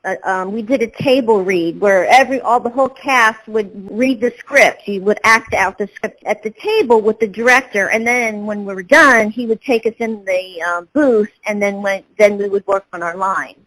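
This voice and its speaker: A woman's voice: mid-range voice, normal speed, few pauses, fairly bright tone, poor audio. A woman, a voice actor, answering interview questions in a rambling way with many fillers and restarts. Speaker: voice actor guest.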